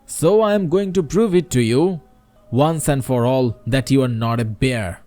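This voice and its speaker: A man's voice: mid-range voice, moderate pace, mellow, faint music behind, close to an everyday voice. A man with a Bangladeshi accent voicing a pompous, stubborn factory president who scolds intensely, in a storybook reading. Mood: scolding.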